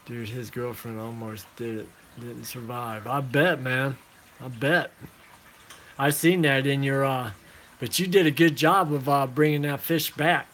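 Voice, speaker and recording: A man's voice: mid-range voice, fairly even intonation, measured pace, a bit bright, a little hiss or hum. Laid-back man rambling into his phone. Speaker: aquarium hobbyist vlogger. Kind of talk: casual chat to viewers.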